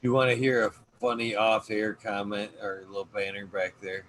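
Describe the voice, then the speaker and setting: A man's voice: on the low side, flat delivery, normal speed, a bit bright. A man hosting a podcast, telling a story in a rambling, profane way with plenty of fillers. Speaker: podcast host. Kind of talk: casual storytelling.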